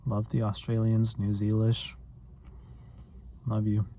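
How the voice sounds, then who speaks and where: A man's voice: on the low side, completely flat delivery, takes it slowly, warm tone, a little hiss or hum. A man vlogging in a rambling, self-deprecating casual chat, full of filler words.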